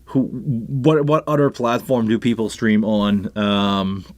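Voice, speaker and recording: A man's voice: lowish voice, fairly even intonation, slow pace, darkish tone, dry recording. A man with a French Canadian accent hosting a casual live stream about sound gear, chatting in a rambling way with many restarts and asides. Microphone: live microphone on a console setup.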